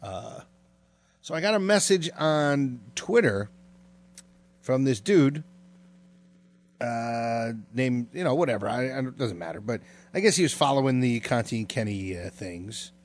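A man's voice: medium pitch, lively intonation. A man co-hosting a casual podcast, rambling with lots of fillers and trailing off. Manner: rambling, filler-heavy, drawn-out. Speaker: podcast co-host.

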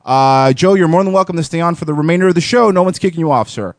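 Man, radio host, lively voice, fairly high, dry close mic, joking banter. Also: quick pace, dry recording. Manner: joking, swearing, laughing often.

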